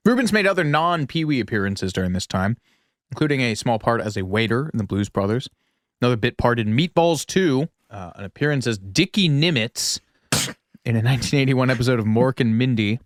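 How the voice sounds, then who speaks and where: Man, podcast co-host, casual and chatty, joking asides, mid-pitched voice, dry close sound. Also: lively intonation, fairly quick, no echo.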